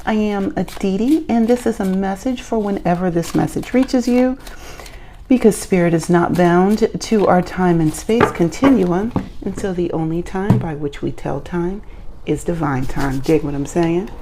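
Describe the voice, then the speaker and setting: A woman's voice: lowish voice, a little slow, noisy background. A woman hosting her own channel, giving a casual tarot reading in a playful, chatty way with self-joking asides. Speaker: tarot reader and channel host.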